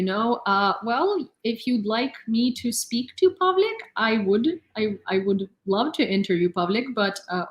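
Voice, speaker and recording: A young woman hosting a live news stream, talking in a chatty, rambling way with many fillers and frequent laughs. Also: medium pitch. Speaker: news channel host. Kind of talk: casual live-stream commentary. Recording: roomy echo.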